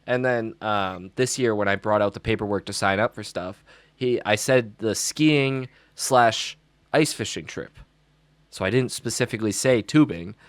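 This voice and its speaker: Man, low voice, dry close sound, school advisor, podcast co-host, animated storyteller. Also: normal speed, dry recording. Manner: animated storyteller who acts out quotes. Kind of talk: casual chat.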